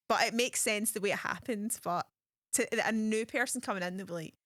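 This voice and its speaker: A woman hosting a podcast while being interviewed, chatting casually and telling stories in lively slang. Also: mid-range voice, fairly quick, dry recording, clean studio sound. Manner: chatty, animated storytelling with slang. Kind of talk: casual chat.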